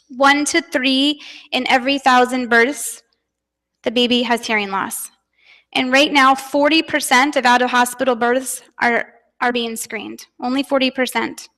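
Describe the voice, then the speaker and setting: A woman's voice: fairly high pitch, a bit bright. An American woman giving an earnest, personal conference talk as a parent advocate. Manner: earnest, personal, emotional at times. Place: conference hall. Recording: long hall reverb.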